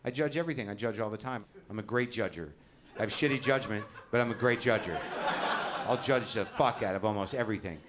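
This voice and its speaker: A middle-aged comic with a lowish voice rants fast through a stand-up set on a comedy club stage, mocking himself, swearing a lot and shouting his punchlines. The live recording is very noisy, with loud audience laughter throughout.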